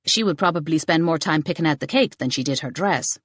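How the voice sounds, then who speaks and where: A woman narrating a mystery novel audiobook in an expressive storytelling manner. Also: deep voice, a little fast, slightly rough, no echo. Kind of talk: scripted narration.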